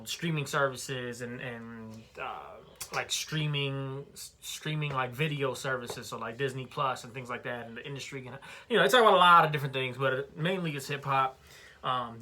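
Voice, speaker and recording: Bright-voiced man casually reviewing an album. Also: medium pitch. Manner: conversational, loose, with many fillers and restarts.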